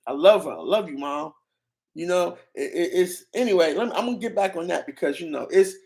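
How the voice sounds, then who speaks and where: A man's voice: high voice, gravelly. A young man streaming, giving casual rambling commentary on clips in slang and often restarting his sentences.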